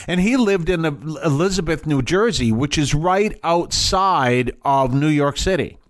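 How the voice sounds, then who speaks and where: A man's voice: fairly high pitch, normal speed, few pauses, no echo, studio quality. A man hosting a podcast, telling stories in a casual, rambling way with restarts and chuckles. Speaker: podcast host. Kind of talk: casual storytelling.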